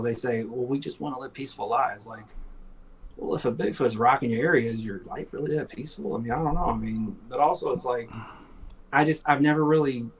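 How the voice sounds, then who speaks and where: A man's voice: medium pitch, a little hiss or hum, rough recording. A man co-hosting a casual talk show, sarcastic and profane, laughing often and mocking people in put-on voices. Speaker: podcast co-host. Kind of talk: casual chat.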